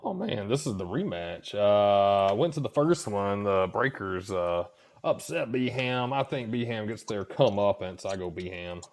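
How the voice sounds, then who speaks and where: Male cohost, lowish voice, easygoing and swearing casually. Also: unhurried. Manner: relaxed, profane, chatty. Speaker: podcast cohost. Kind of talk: casual podcast chat.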